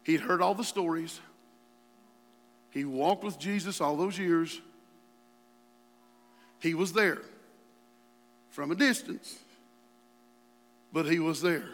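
A man preaching in a high, bright, ringing voice that swings between hushed pleading and fiery outbursts. His sermon rolls through a large church hall with a long reverb trailing each phrase. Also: takes it slowly, pauses often. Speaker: pastor.

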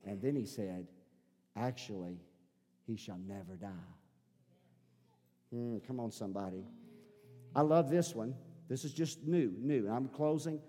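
A male pastor preaching a sermon, repeating his phrases and building up to shouting. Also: mid-range voice, moderate pace, big-room sound, faint music behind. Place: church sanctuary.

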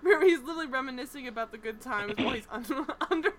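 A woman co-hosting a casual TV recap chat, animated, swearing freely and acting out characters' lines. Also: sits high, fast talker, low-quality recording. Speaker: podcast co-host.

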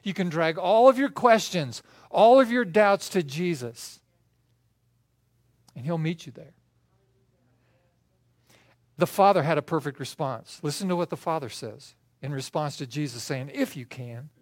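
An older man preaching a sermon as pastor, telling stories with swings between soft and loud. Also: on the high side, expressive, a little slow, long pauses, dry recording, clean studio sound.

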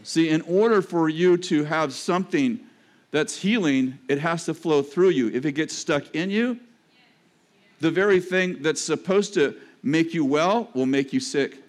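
A man preaching a sermon in a conversational way, with joking asides and sudden drops to a low register. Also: unhurried. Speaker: pastor.

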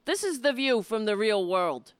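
A woman's voice: a little high, big pitch swings, moderate pace, clean tone, no echo, studio quality. A woman hosting a commentary show, mocking and blunt, with profane asides. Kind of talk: sarcastic political commentary.

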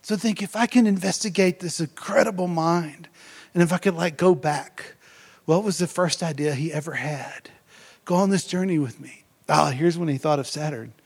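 Man preaching with rising excitement. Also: a little high, moderate pace, vocal fry, husky. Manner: energetic, conversational, keeps asking "right?". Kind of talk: sermon.

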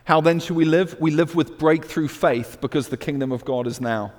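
A man with a British accent preaching a sermon, swinging from loud emphatic declarations to hushed storytelling. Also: fairly high pitch, normal speed, big-room sound.

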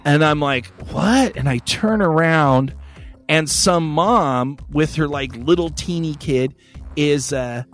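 A man's voice: a little high, slow pace, a bit bright, soft background music. A man hosting a podcast, telling a story in a profane, rambling, wry way. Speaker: podcast host. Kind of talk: casual storytelling chat.

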